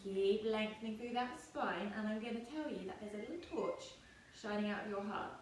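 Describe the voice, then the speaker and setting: A woman in her thirties teaching yoga to children, giving gentle, playful, encouraging instructions. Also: mid-range voice, fairly quick. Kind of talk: guiding a kids' yoga class. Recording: echoey room, distant mic, faint noise.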